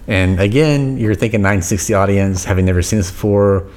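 A man co-hosting a podcast, chatting casually about a film, relaxed and hesitant with many fillers and restarts. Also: on the low side, a little fast. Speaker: podcast co-host. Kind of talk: casual movie chat.

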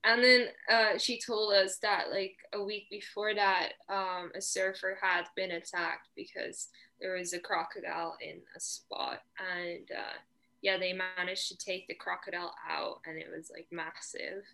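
A young woman from Portugal chatting casually as a guest, telling stories in a relaxed way with lots of fillers. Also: lowish voice, a little slow. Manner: relaxed storyteller, many fillers. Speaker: guest surfer. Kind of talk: casual chat.

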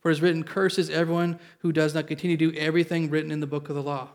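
Speaking very fast in a flat delivery, a pastor with a slightly high voice gives an earnest sermon to a church congregation. He reads from scripture, explains it in everyday terms and keeps calling for an amen from his listeners.

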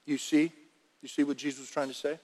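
A male pastor preaching a sermon in an animated, emphatic way, often repeating phrases. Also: a little high, fast talker, in a large hall.

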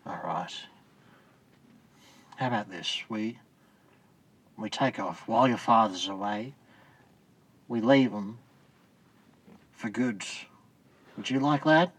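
A man's voice: lowish voice, slow pace, long pauses, slightly rough, pitched below the performer's own voice. A man voicing a fussy, doting posh mother with a mock British accent in an improvised comedy podcast. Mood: coaxing. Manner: gushing, fluttery posh tone.

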